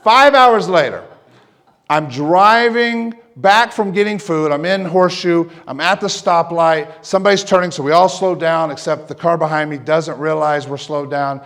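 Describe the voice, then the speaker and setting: A middle-aged male pastor telling a personal story in a sermon, lively at times and dropping to a soft hush when he prays. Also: fairly high pitch, moderate pace. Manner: animated storyteller, drops to a soft hush for prayer.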